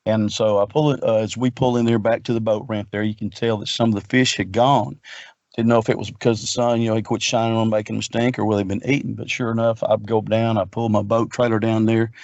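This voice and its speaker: Rambling middle-aged man, low voice. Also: little pitch movement, quick pace, a little mellow, no echo, lo-fi sound. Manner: earnest, rambling, repeats words. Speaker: guest researcher. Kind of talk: casual storytelling.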